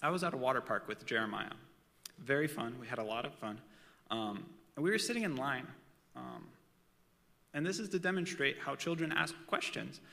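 A man's voice: medium pitch, moderate pace, gravelly, bright, forceful tone, big-room sound. A man preaching a casual sermon with personal stories, talking in a conversational way with chatty asides.

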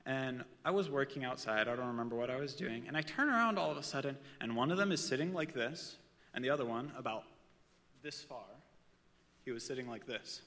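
A man gives a casual sermon, chatting with his listeners and slipping in personal asides. His voice is bright and forceful. It rings out with a long reverb, as if from a large hall. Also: medium pitch, brisk. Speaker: preacher.

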